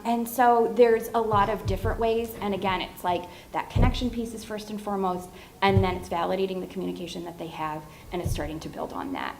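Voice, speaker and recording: A woman's voice: medium pitch, vocal fry, low-quality recording. A woman speaking on a library discussion panel as a speech therapist. She explains her methods patiently and in detail, and now and then acts out a child's short phrases. A faint hiss of noise sits behind her voice.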